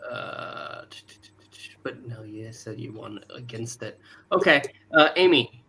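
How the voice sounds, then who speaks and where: Bright-voiced man hosting a ranking panel. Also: medium pitch, animated, slow, creaky. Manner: leads the ranking, asks each panelist in turn. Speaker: show host. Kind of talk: casual group discussion.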